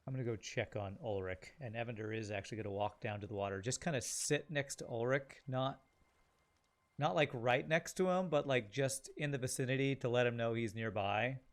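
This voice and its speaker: A man's voice: mid-range voice, a little fast. Chatty man describing his character. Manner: chatty, hedging with kinda and like. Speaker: player. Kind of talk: casual tabletop play.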